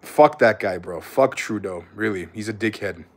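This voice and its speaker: A man's voice: fairly low pitch, moderate pace. A young man chatting casually on a live stream, laid-back and swearing freely, calling viewers bro.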